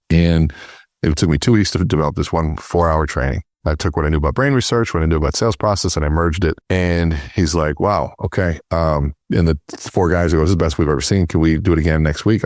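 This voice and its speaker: A middle-aged man, a sales trainer, telling animated stories in an interview and acting out the dialogue. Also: deep voice, no room sound, studio quality. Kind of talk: storytelling in interview.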